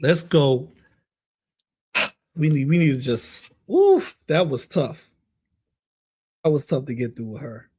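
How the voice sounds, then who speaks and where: A man hosts a live stream, reacting to clips and greeting chat viewers by name in loose, casual commentary, often trailing off mid-sentence. His voice is a little high, expressive, darkish and husky, and he speaks slowly with frequent pauses.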